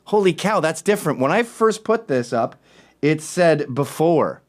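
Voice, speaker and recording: A man's voice: on the high side, sing-song, measured pace. A male show host ranting sarcastically in a casual monologue.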